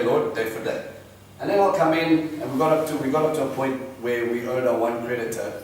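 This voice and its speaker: A man preaches in an animated, storytelling way, acting out voices in the conversations he recounts. His voice rings through a very echoey church hall, picked up from some distance with a faint hiss underneath. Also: medium pitch. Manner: animated, acts out both sides of conversations. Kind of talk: storytelling sermon.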